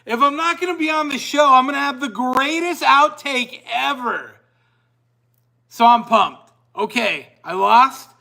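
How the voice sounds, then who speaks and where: A man's voice: very high-pitched, a little slow, gravelly. A man hosting a podcast, telling a long personal story in a casual, rambling way and often breaking off mid-sentence. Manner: animated, rambling, self-interrupting. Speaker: podcast host.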